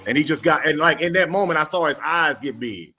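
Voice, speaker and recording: Man, rapid-fire storytelling, plays out both sides of a conversation, casual chat, faint background hum. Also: a little high. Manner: animated storyteller acting out both sides of a dialogue.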